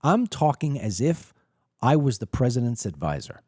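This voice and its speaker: A middle-aged man holds forth in an emphatic political monologue, piling up rhetorical questions and repeating words as he builds each point. His voice is mellow and dark, and the recording is dry and close with no room sound. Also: medium pitch, very animated, moderate pace, husky, no echo. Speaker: political talk show host. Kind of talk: opinionated monologue to camera.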